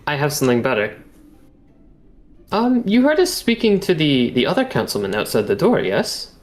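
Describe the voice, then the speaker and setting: A man's voice: fairly high pitch, huge pitch swings, moderate pace. A man playing a tabletop game, speaking formally and courteously in character. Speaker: player. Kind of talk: in-character tabletop role-play.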